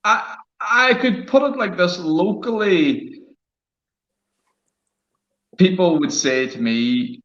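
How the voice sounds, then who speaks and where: A man from Donegal speaks haltingly in a casual chat, repeating words as he goes. His call audio sounds roomy and echoey. It is also dull and muffled. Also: sits high, fairly bright tone. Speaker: distiller. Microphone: online call.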